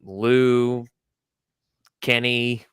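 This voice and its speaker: A man's voice: mid-range voice, flat delivery, very slow, a bit bright, clean tone, no room sound, studio quality. A man co-hosting a casual sports podcast, giving blunt opinions and often restarting his sentences. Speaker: podcast co-host.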